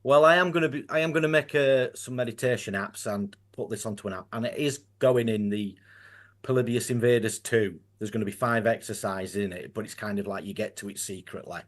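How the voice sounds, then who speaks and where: A man's voice: fairly low pitch, fairly quick. A man with a Yorkshire accent talking as a guest in a casual conversation, earnest and rambling, often restarting his sentences.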